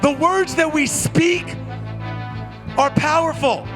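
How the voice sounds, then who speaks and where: A man giving a storytelling keynote as a motivational speaker, energetic and building rhythm through repetition. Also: very high-pitched, slow, music in the background.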